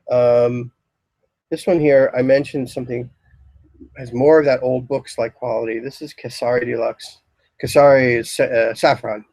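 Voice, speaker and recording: A man giving a casual, rambling talk on incense in a shop, describing scents with many pauses. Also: mid-range voice, a little mellow, dry recording, poor audio. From Philadelphia area, US. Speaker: incense store lecturer. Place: shop, indoors.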